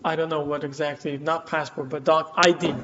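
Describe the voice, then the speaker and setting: A man's voice: on the high side, little pitch movement, brisk, noisy background. Hesitant man telling a story to a class. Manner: hesitant, many fillers, acts out quotes. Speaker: class teacher. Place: community center classroom. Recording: dull lo-fi room recording.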